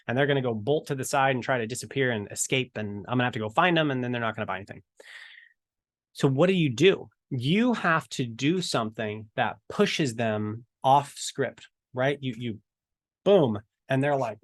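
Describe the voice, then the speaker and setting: A man's voice: mid-range voice, moderate pace, dry recording. Casting: man, evangelism trainer, conversational storytelling, dry close sound. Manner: storytelling, chatty, animated retelling. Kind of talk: casual teaching talk to camera.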